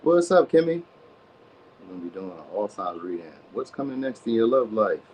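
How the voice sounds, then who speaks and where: A man's voice: fairly low pitch, sing-song, brisk, darkish tone, a little hiss or hum, low-quality recording. A man hosting a live tarot reading, chatting loosely with viewers in slang and saying "you know what I mean" a lot. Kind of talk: casual live-stream chat.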